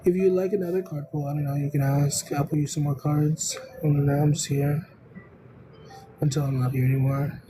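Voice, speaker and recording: Speaking in a steady, medium-pitched tone over background noise, a tarot reader hosts a relaxed live stream. Her talk is rambling and unhurried, packed with "um" and "I don't know."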